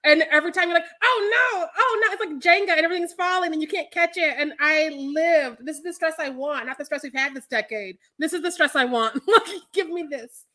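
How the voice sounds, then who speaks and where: A woman co-hosting a podcast in casual chat, animated and laughing often as she talks. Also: sits high, fairly quick, few pauses. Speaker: podcast co-host.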